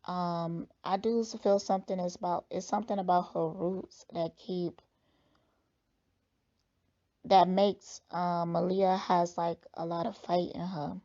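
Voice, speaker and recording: Woman commentator, unhurried and blunt, husky fry, dark tone, dull recording. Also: lowish voice, level tone. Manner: slow, thoughtful, blunt judgements. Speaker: spiritual reader reacting to a clip. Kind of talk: casual commentary.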